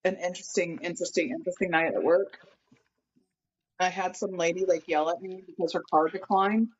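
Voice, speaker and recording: A woman telling a workplace story in a casual podcast chat, animated and acting out what people said. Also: on the low side, a little fast, slightly rough, dull audio. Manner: animated, acts out quotes while telling a story. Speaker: guest friend.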